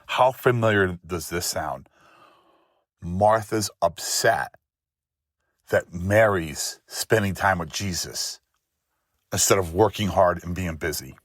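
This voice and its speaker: Low, slow-talking man, emphatic host. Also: fairly bright tone, no echo, studio quality. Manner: emphatic, rhythmic lists of short phrases. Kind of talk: faith-based motivational monologue.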